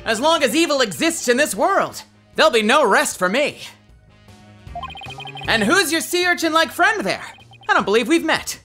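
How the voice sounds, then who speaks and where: A woman voicing a loud, overeager young male detective who talks fast. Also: high-pitched, very animated, faint music behind, full character voice. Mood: eager.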